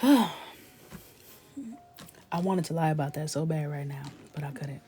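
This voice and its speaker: A woman hosting a coloring livestream, chatting casually in a playful way, often dropping into soft whispered asides. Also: low-pitched, unhurried, a little hiss or hum.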